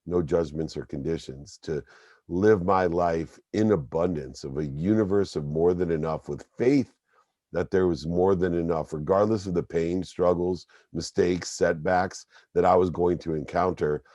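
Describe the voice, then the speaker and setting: Guest, middle-aged man, very deep voice, dry close sound, emphatic storyteller. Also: moderate pace, dark tone, dry recording. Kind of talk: storytelling interview.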